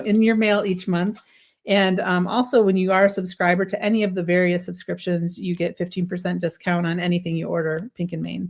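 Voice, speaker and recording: A woman's voice: on the low side, darkish tone. Chatty woman hosting a craft stream. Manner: chatty, enthusiastic, stumbles and self-corrects. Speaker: craft livestream host. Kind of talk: casual product demo.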